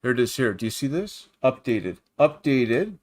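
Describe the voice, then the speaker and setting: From his computer at home, a Canadian man runs a laid-back Christian livestream, rambling while reading news aloud and welcoming viewers by name. His mid-range voice swings widely in pitch at a normal speed and sounds a little mellow.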